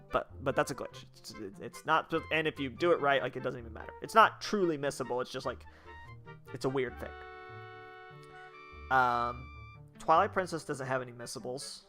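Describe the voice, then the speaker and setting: A man's voice: medium pitch, moderate pace, bright, forceful tone, faint music behind. A man giving casual gameplay commentary as a streamer, rambling and blunt, swearing freely.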